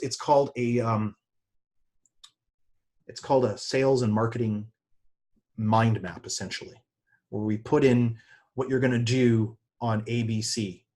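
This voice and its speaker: A man speaking as a business coach in a seminar talk, conversational and energetic, with sudden excited jumps in pitch.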